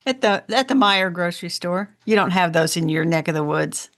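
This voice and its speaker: A woman from Indiana co-hosting a casual gardening podcast, telling stories in a chatty, animated way. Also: on the low side, brisk. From Indiana, USA. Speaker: podcast co-host.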